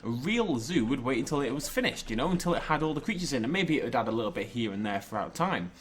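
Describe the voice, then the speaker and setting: A young man talks through a game in a chatty, rambling way and jokes as he goes. His pitch sits in the middle and swings around a lot. There is faint ambient noise behind him. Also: big pitch swings, quick pace. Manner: chatty, jokey, rambling with self-corrections. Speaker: gaming YouTuber. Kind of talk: casual game commentary.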